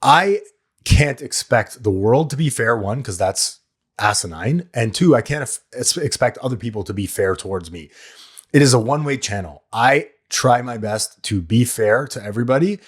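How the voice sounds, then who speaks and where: A man's voice: medium pitch, lively intonation, moderate pace, slightly rough. A man hosting a recovery podcast. He talks candidly and plainly, swears now and then, and coaches his listeners, repeating the key lines. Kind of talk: solo talk on addiction recovery.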